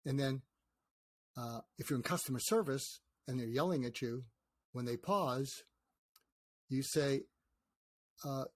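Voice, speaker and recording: Older man, animated storyteller, dry close mic. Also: medium pitch, a little slow, long pauses, no room sound. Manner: animated storyteller, acts out quoted dialogue. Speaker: guest psychiatrist and author. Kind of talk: conversational interview.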